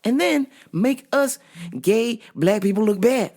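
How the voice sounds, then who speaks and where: A woman telling a story in a casual vlog, animated and profane, often laughing. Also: fairly high pitch, a little slow. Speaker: vlogger.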